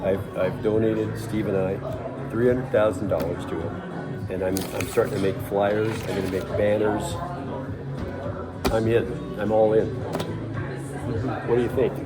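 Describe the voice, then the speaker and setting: A man telling a casual, emotional story in a halting way, often repeating his words. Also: fairly low pitch, fairly even intonation. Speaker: storyteller recounting a school visit. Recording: crowd chatter and music behind.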